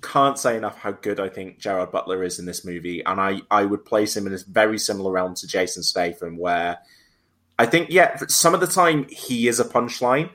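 A man's voice: lowish voice, moderate pace, a bit bright. A man hosting a casual film discussion podcast, talking with frequent restarts and hesitations. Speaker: podcast host.

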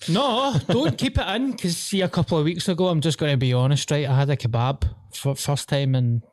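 A man's voice: mid-range voice, fast, no room sound, studio quality. Sweary Glaswegian man telling stories. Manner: sweary, animated storytelling. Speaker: podcast host. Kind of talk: casual chat.

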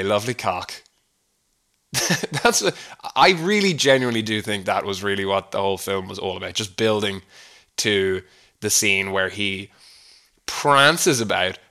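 A man's voice: on the low side, bright, forceful tone. A man with an Irish accent hosting a comedy podcast, rambling wryly with chuckling asides. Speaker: podcast host. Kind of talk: comedic solo monologue.

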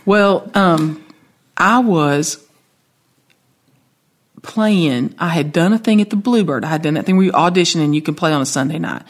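Southern-accented woman, lowish husky voice, lively raconteur guest. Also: moderate pace, long pauses. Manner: chatty, animated storytelling with laughs. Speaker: songwriter guest. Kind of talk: casual storytelling chat.

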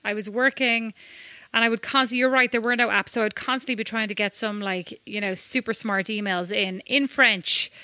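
A woman's voice: on the high side, fairly even intonation, a little fast, sharp tone, no room sound. A woman from Ireland co-hosting a podcast, telling chatty, self-mocking stories in casual conversation. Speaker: podcast co-host. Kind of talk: casual chat.

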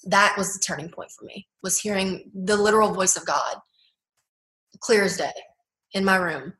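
A woman's voice: mid-range voice, a bit bright. Earnest young woman, echoey room. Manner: earnest, halting, many "like" fillers. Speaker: guest. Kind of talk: personal testimony interview.

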